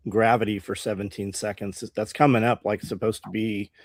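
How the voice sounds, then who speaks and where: A man's voice: on the low side, flat delivery, moderate pace, no room sound, studio quality. A man co-hosting a casual live talk show, speaking with hesitant starts. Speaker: co-host.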